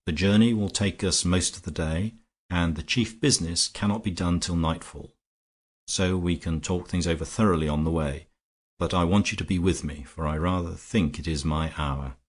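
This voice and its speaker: Grave gentleman sleuth read by a man, low, husky, measured storybook voice. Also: steady tone. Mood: calm, grave. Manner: measured, composed, explanatory. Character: grave, calm English gentleman detective.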